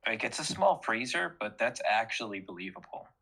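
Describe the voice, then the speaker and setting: Husky, bright-toned man chatting. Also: lowish voice, very animated, fairly quick, low-quality recording. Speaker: podcast co-host. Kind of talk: casual conversational chat.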